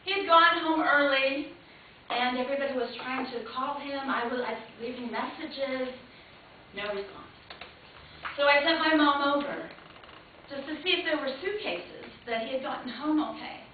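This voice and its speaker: A woman performing an emotional, dramatic monologue, her loudness swinging sharply from hushed to loud. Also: sits high, moderate pace, slight background noise. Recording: echoey hall heard from far, tinny lo-fi camcorder sound.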